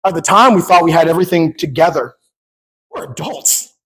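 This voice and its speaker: Pastor guy in his 30s, kinda husky voice, preaching hard, goes quiet then loud, acts out the back and forth. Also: a little high, fast talker, poor audio. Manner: impassioned preaching that swings between quiet and shouting; acts out dialogue in storytelling. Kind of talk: sermon.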